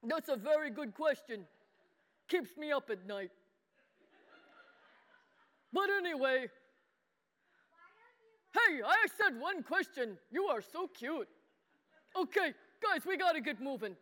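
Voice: sits high, sing-song, takes it slowly, long pauses, sharp tone, heavily acted. An adult voicing a simple, earnest boy puppet who talks in broken childlike grammar and calls himself by name in a children's sermon. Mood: earnest childish. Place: church hall. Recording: long church-hall reverb.

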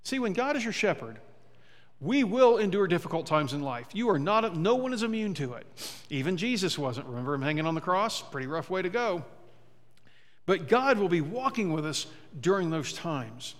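This male pastor has a high, sing-song voice at a normal pace. His sermon is conversational and humorous, and he slips into character voices to act out quotes. He's in a church sanctuary, where the hall's long echo lingers.

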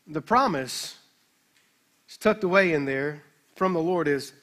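A man pastor preaching a sermon, emphatic, with slow dramatic scripture readings. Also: on the high side, lively intonation, a bit bright.

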